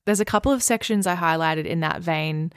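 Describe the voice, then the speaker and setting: Woman on a book podcast, smooth clear voice, dry close sound, earnest, reads quotes out soft. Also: fairly low pitch, a little fast, no room sound. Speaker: podcast co-host. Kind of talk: casual book discussion with read-aloud passages.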